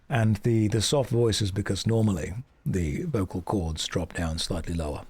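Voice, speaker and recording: A man with a deep voice, livestreaming a game and chatting in a dry, mock-serious joking way. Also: moderate pace, few pauses, a little mellow, breathy edge. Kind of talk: casual gameplay chat.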